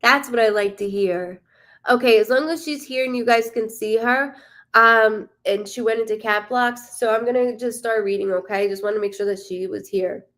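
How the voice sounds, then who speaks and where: Woman, psychic medium, live-stream host, casual chat, slightly high voice, swears a lot, greets viewers warmly. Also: steady tone, moderate pace. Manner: chatty, swears freely; warm, greets viewers by name.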